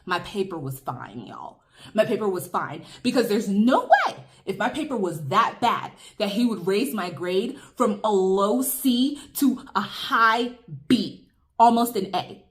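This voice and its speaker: A woman's voice: medium pitch, expressive, a little slow. A young woman telling viewers an emphatic, chatty story over a meal in a casual vlog. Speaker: vlogger. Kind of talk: casual storytime while eating.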